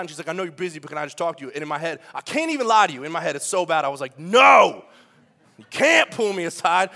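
Young guy pastor preaching in church, pretty high voice, jokey and lively, keeps asking the room stuff. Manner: animated, joking, direct questions to the congregation. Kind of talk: sermon. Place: church sanctuary.

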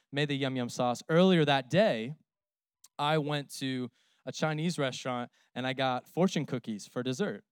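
A man's voice: medium pitch, smooth, no echo, clean studio sound. A man in his thirties, a pastor, preaching a sermon in a conversational, humorous storytelling way.

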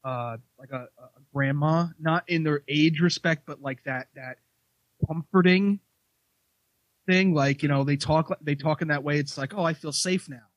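A man talking in a halting, hesitant way in a casual podcast chat. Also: fairly high pitch, no echo, dull audio. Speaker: podcast co-host.

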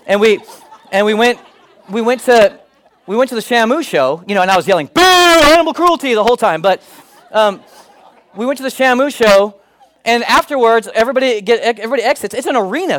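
A rough recording captures a middle-aged pastor with a high voice, talking a little fast. He preaches with humor, animatedly telling stories and doing voices.

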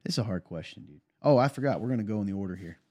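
A man, a pastor, co-hosting a casual talk show and telling stories in a quick, emphatic way. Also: on the low side, no echo. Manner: animated storyteller, quick and emphatic. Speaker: pastor and podcast co-host. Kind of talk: casual chat.

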